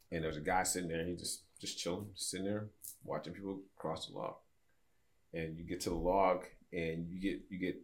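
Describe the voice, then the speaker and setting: A podcast guest, a man in his fifties, spins a lengthy tale in a deep, low register. He keeps it conversational, slipping swiftly into different voices to play the people in his story.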